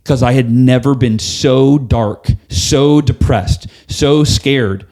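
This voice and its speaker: A middle-aged man talks as a podcast guest, in candid storytelling mode. His voice sits at a medium pitch and jumps sharply whenever he mimics someone else. He sounds lively and open. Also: slow pace. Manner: animated, acts out quoted voices with big pitch jumps.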